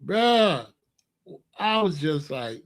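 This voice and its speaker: A young man delivers a heated monologue to camera, sounding incredulous and exasperated. He scolds and fires off disbelieving questions in a voice that sits a little on the high side. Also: measured pace. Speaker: commentator. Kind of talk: ranting commentary to camera.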